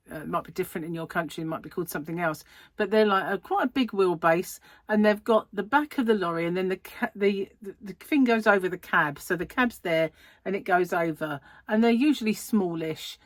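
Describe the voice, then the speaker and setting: Lively, exasperated English woman vlogging. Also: lowish voice, no room sound. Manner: animated, exasperated retelling with laughs. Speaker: crochet vlogger. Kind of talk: casual chatty vlog storytelling.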